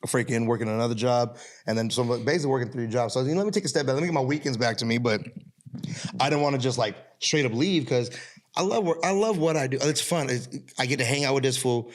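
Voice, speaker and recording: A man's voice: mid-range voice, fast talker. A man hosting a podcast, a security guard talking casually with loose slang and lots of "like" fillers. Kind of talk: casual chat.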